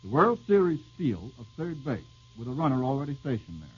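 A man's voice: medium pitch, big pitch swings, breathy edge, faint music behind. A man hosting an old-time radio quiz show, bantering wryly with the panel and reading out listeners' questions. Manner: wry, bantering, quick with jokes. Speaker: quizmaster host. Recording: dull lo-fi old radio broadcast.

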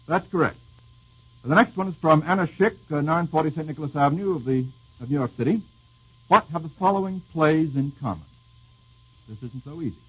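A man's slightly raised, husky voice leads a vintage radio quiz with wry, joking banter. He reads out questions and teases his panelists. The sound is dull and lo-fi, like an old radio broadcast. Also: fairly high pitch. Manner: wry, bantering, quick with jokes. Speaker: quizmaster host. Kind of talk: old-time radio quiz show hosting.

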